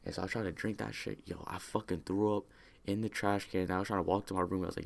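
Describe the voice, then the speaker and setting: A young man talks in a very deep register with a gravelly, fried edge. He tells his story loosely and casually, stacking slang, fillers and half-finished restarts. It is unscripted storytelling. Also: steady tone, fast talker. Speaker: vlogger telling personal stories.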